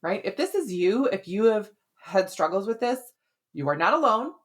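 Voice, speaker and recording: A woman podcast host in a casual, explanatory flow, talking at a middling pitch. She keeps checking in with the listener and stays loose and conversational as she walks through how things work. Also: big pitch swings, normal speed. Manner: chatty and explanatory, often adds "right?" and "like". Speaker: podcast host, women's hormone health expert.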